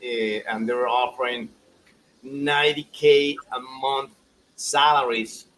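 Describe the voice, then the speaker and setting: A man, chatting casually as a soccer pundit, animated and laughing as he acts out quotes. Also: medium pitch, takes it slowly, a little hiss or hum, poor audio. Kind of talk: casual podcast chat.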